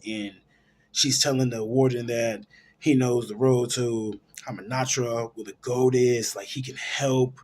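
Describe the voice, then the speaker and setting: A man's voice: mid-range voice, steady tone, normal speed, darkish tone, slight background noise. A man hosting a film show, casually retelling a movie's plot in a rambling way, full of fillers and restarts. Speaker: film review host.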